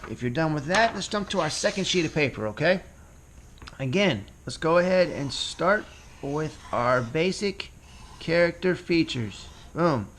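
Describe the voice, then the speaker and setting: A slightly high voice with vocal fry comes through over a little hiss or hum as a man teaches casual cartooning. He stays relaxed and talkative, thinking aloud as he draws.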